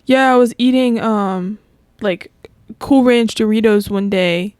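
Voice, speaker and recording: A man's voice: sits high, slow pace, a little mellow, smooth, no echo, clean studio sound. A woman imitating her middle-aged father with a Southern accent, a stubborn, drawling teller of tall tales. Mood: insistent.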